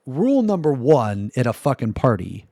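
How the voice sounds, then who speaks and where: A man's voice: medium pitch, very animated, normal speed, warm tone, dry recording, clean studio sound. A man streaming live, reacting to a video and ranting at his chat with lots of swearing. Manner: profane exasperated ranting at chat.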